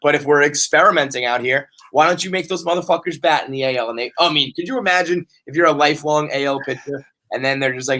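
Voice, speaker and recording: A male podcast host in loose, rambling conversation, animated and quick to swear. His voice is bright and ringing, a little higher than most men's. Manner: animated, profane, riffing. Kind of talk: casual sports chat.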